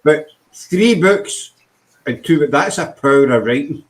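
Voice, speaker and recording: A man's voice: a little high, animated, a little slow, rough recording. A Scottish man hosting a casual live show, joking about himself and laughing often. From Scotland. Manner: jokey, self-mocking, laughs often. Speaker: host.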